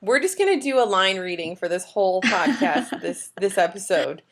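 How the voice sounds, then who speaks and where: A woman's voice: medium pitch, lively intonation, moderate pace. A woman co-hosting a podcast in easy, casual chat. She recaps the plot with a playful, jokey touch, speaking into a studio mic. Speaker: podcast co-host.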